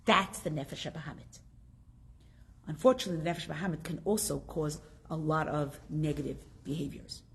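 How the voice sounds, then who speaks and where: A woman teaching a class, telling a story and asking her students questions in a lively way. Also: low voice.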